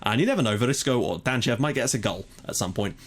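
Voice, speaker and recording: A man's voice: medium pitch, animated, quick pace. A young man casually commentating his own football management game, chatty, with frequent fillers and mock match calls. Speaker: gaming YouTuber. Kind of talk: casual let's-play commentary.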